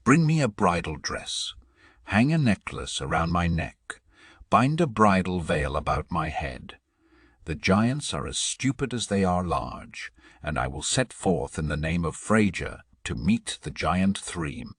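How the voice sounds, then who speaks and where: A booming, commanding thunder god, as a male narrator puts him on. The voice sits deep and low, with slow, weighty orders and a husky edge. The recording is close and dry, like a storybook audiobook. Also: big pitch swings, fairly bright tone, no echo, full character voice. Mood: determined.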